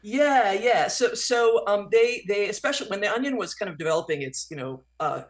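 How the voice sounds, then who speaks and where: A woman author giving animated, talkative answers as a guest in a radio interview. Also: medium pitch, fairly quick.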